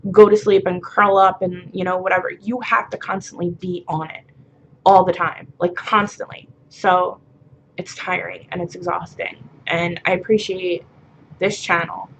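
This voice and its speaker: A woman's voice: on the low side, slight background noise. A tired woman vlogging, talking bluntly and frankly with lots of swearing and filler words in a rambling confessional monologue.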